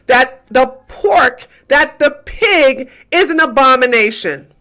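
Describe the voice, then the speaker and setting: Bright-voiced woman ranting on a livestream. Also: sits high, expressive, slow pace. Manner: combative, profane, taunting; repeats and hammers questions. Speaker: livestream host. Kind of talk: heated livestream rant to chat.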